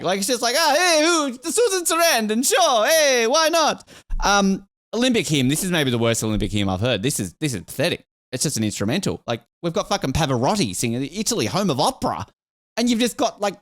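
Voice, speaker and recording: A man hosting a casual podcast, talking in a lively, irreverent way and swearing freely. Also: fairly high pitch, dry recording, clean studio sound. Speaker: podcast host.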